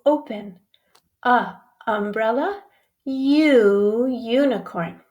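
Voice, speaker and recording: A woman teacher giving a phonics lesson to young children, sounding out each vowel slowly and clearly and speaking to them as friends. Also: mid-range voice.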